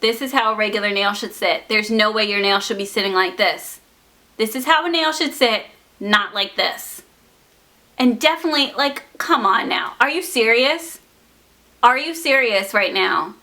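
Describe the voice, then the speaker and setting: A young woman vlogger telling a storytime to camera in an exasperated, animated way, laughing in disbelief between lines. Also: mid-range voice, moderate pace. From United States. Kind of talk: storytime vlog talking to camera.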